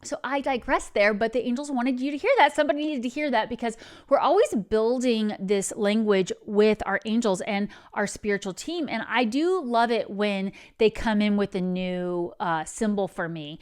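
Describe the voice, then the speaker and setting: A woman's voice: fairly high pitch, moderate pace, clean tone. A woman hosting a spiritual advice channel, talking in an earnest, meandering way that drifts into digressions.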